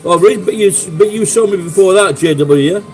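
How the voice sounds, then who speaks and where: This time the middle-aged Sheffield livestream host sounds brisk and sits high, with a darkish tone. Faint music plays behind his sweary, rambling stories and viewer chat, and the recording quality is low.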